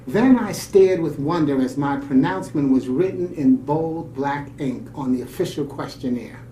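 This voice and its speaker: A man's voice: a little high, normal speed, slight background noise. Man reading aloud in a roomy space. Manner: warm, reflective delivery with off-the-cuff comments. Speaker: radio show co-host. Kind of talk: reading a story aloud with asides. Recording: roomy, distant mic, faint ambience.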